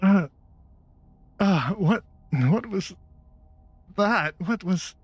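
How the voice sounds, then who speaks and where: Gm doing a shaky, stammery guy with a weird flashing eye, voice pushed up high, dry close mic, quiet music. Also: lively intonation, slightly rough, no echo, highs cut off, heavily acted. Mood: bewildered. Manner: stammering, halting and unsure. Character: timid, bewildered male creature with a flashing eye. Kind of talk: voicing a character in a tabletop game.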